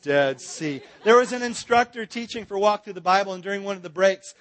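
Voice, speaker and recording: A man's voice: high-pitched, fairly quick, a bit bright. A man teaching a Bible seminar in a church, joking with and directing his audience.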